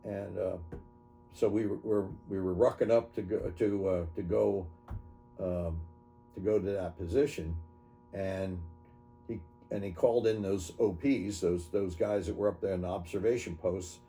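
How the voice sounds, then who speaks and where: A man in his seventies, an army veteran, recounting his memories in an oral history interview, halting and correcting himself as he goes. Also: low voice, fairly even intonation, vocal fry, warm tone, faint music behind. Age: 70s. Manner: halting, self-correcting storytelling.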